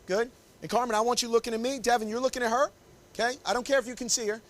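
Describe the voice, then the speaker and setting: Racing along in a very high, slightly bright voice with fairly even intonation, this man is a wedding photographer running a live posing demo. He stays upbeat and coaxing, constantly directing a couple in a small indoor room.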